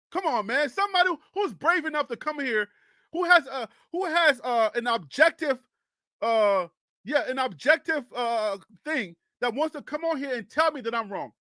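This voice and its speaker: A young man from Liberia hosts a casual sports talk stream, his voice high and sharp with a dry, close sound. He argues his case with animated energy, laughing often as he challenges listeners to debate him. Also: a little slow, no echo. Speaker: sports talk show host.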